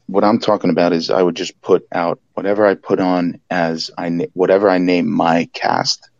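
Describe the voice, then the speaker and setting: A man calling in to a live podcast, talking in a hushed, laid-back, halting way. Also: low voice, flat delivery, gravelly, no echo, muffled recording. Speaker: caller. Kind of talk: casual call-in chat.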